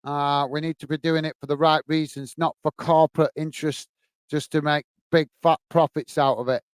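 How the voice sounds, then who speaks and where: High-voiced chatty English man. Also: level tone, moderate pace, clear, resonant tone, dry recording. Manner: chatty, apologetic, says mate often. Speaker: host reading live chat. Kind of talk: casual live-stream chat.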